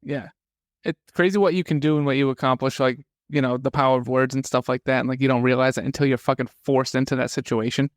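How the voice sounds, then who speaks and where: A man's voice: medium pitch, steady tone, fast talker, no echo, clean studio sound. A man as guest host in casual chat, laughing often, swearing and reacting eagerly.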